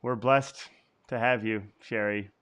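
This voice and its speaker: A man from Canada hosting an interview talk show, responding gently and affirmingly while he searches for his words. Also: on the low side, fairly even intonation, unhurried, a loud crowd.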